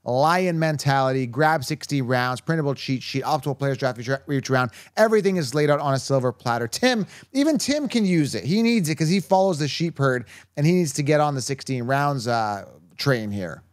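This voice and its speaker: A man hosting a casual sports podcast with energetic, playful hype. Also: mid-range voice, normal speed, no echo, clean studio sound. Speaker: podcast host.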